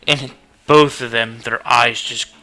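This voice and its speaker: A man's voice: medium pitch, steady tone, slow pace, sharp tone, soft background music. A man narrating as game master in a tabletop game, telling the scene in a loose, swearing way.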